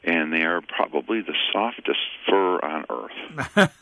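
A very low-voiced man speaks over a narrow, phone-like line. He is a pet store owner on a radio call-in show. He explains things in a relaxed, plain way, full of ums and uhs. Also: measured pace, no echo. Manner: relaxed, plain-spoken, with fillers.

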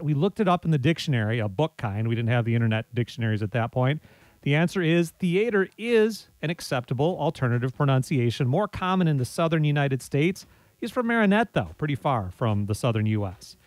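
A man hosting a public radio talk show, speaking in a measured, lightly wry way. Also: medium pitch, animated, no room sound. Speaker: radio host.

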